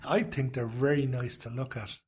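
A man's voice: mid-range voice, steady tone, moderate pace. A man with a Dublin accent, an interviewee telling a rambling anecdote in a casual way. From Ireland. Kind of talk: casual storytelling.

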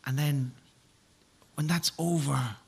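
A man's voice: fairly high pitch, fairly even intonation, takes it slowly, gravelly, a little mellow, breathy edge. A man hosting a chat show, asking curious questions with a jokey edge. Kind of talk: interviewing.

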